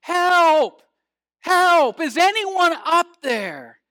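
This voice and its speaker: A man doing a panicked climber yelling for help. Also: extremely high pitch, big pitch swings, drawn-out words, dry recording, studio quality, voice pushed up, full character voice. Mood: desperate. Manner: shouting in panic, pleading. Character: desperate man hanging from a cliff branch.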